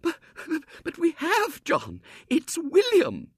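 A man voicing a hysterical middle-aged mother who wails in a high, shrill voice. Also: wildly swooping pitch, fast talker, no room sound, clean studio sound, full character voice.

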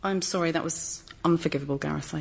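A woman's voice: deep voice, quick pace, gravelly, background noise. An actress playing an earnest, talkative middle-aged woman, who speaks in careful, formal phrases and laughs nervously. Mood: apologetic. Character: earnest, chatty, wordy woman, over-careful with her words. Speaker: sitcom character looking after a friend's teenage son. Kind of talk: scripted sitcom acting.

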